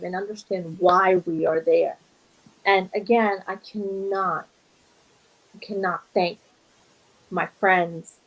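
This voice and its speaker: A woman speaks in an earnest, animated way as a guest on an interview show. She sounds heartfelt, and her voice sits in an ordinary middle range for a woman. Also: mid-range voice, low-quality recording. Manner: earnest, animated, emotional at times. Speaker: guest, charity event organizer. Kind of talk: casual interview talk.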